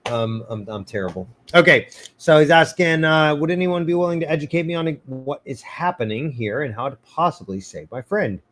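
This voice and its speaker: A man's voice: fairly high pitch, animated, normal speed, few pauses, a bit bright. A man hosting a casual live arborist Q&A, cracking puns and laughing often as he answers viewers. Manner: joking, punny, laughs often. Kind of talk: casual livestream Q&A.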